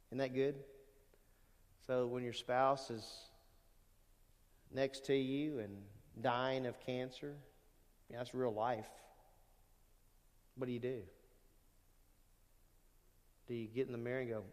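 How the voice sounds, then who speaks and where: Guy preaching a sermon, gets loud then drops quiet, echoey church hall. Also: medium pitch, takes it slowly, long pauses. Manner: animated, swings from loud emphasis to quiet asides. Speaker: pastor. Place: church sanctuary. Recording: long church hall reverb.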